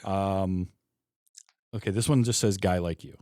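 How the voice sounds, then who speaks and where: A man with a Michigan Midwest accent hosts a casual film podcast, full of chatty enthusiasm. His voice sits on the low side, and it is recorded close and dry, with no room sound at all. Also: fairly even intonation, a little mellow, no room sound. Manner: chatty, enthusiastic, quick asides. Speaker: podcast host.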